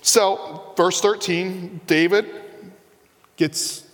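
A man preaching a sermon as pastor, animated and asking his listeners rhetorical questions. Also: high-pitched, drawn-out words, long reverb tail.

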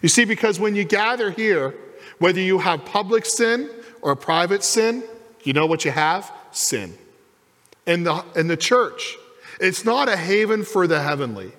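A male pastor delivers a sermon from a church hall, his voice riding high and swinging widely in pitch. He acts out the lines of the people in his story. Long reverb hangs after his words. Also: measured pace. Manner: animated preaching, acts out quoted voices. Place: church sanctuary.

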